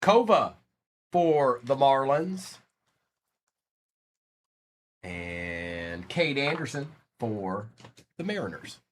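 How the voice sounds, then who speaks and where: A man's voice: medium pitch, big pitch swings, drawn-out words, long pauses, slight background noise. A man from Virginia hosting a live card break stream, rattling off player names and chatting with viewers between pulls.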